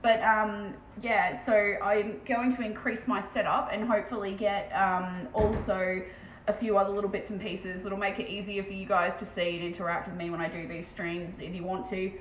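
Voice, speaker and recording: Fast-talking Australian woman, echoey room. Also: mid-range voice, flat delivery. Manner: very fast, chatty, swears casually. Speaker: live streamer and terrain painter. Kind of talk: casual live-stream chat. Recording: echoey room with faint background noise.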